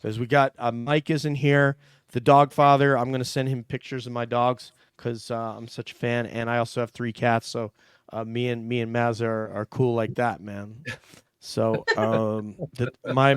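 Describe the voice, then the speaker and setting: This host reads super chats on a relaxed livestream panel, chatty and joking, with warm thanks for each viewer. He speaks at a normal speed in a flat, mid-range voice that is clear and resonant. The recording is clean studio audio without echo.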